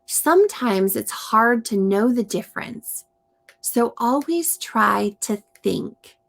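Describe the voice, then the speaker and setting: A woman reading aloud and explaining to young children in a slow, gentle teaching manner. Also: on the high side, lively intonation, creaky. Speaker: storytime reader and teacher.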